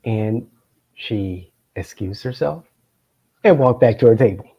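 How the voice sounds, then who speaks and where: A man's voice: mid-range voice, lively intonation, extremely slow, husky. Middle-aged man telling a rambling story. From Florida, United States. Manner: meandering, many filler sounds, chuckling asides. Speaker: political consultant and show host. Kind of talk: anecdotal storytelling to camera. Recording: dull lo-fi sound.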